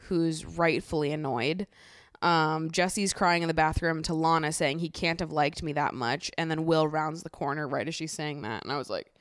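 Animated young woman recapping reality TV. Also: low-pitched, dry recording, clean studio sound. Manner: animated, exasperated, swears and laughs often. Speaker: podcast host.

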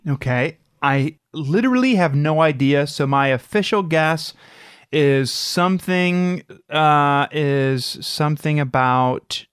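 A woman's voice: low-pitched, slow pace, clear, resonant tone, dry recording, studio quality. A woman hosting a podcast in casual chat, talking in a chatty, self-mocking way and rambling through her guesses. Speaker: podcast host.

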